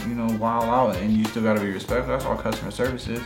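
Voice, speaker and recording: A man's voice: medium pitch, fairly even intonation, fast. A young man in a casual, joking chat with his mother as a new parent. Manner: joking, teasing. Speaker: vlogger interviewing his mother. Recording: roomy with music behind.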